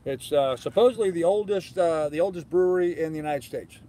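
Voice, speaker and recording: Aboard his sailboat moored in a harbor one evening outdoors, an older man hosts a live sailing stream, reading viewer comments and answering in an easygoing ramble packed with fillers. His voice is fairly high, mellow, and fairly quick, in a rough recording.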